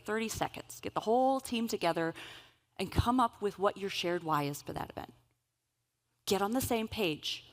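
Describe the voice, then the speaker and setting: A woman giving a conference keynote, telling stories in an animated, humorous way. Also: mid-range voice. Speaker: keynote speaker. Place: event stage.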